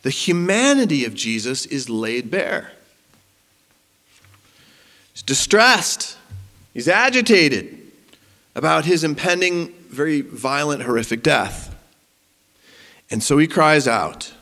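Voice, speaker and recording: A man preaching a sermon as pastor, animated and rising to emphasis. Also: on the high side, slow pace, long pauses. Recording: long hall reverb.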